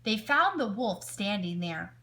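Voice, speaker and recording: A woman teacher reads a picture book aloud to children, expressively and at an unhurried pace, in a mid-range voice. She asks her young listeners questions as she goes.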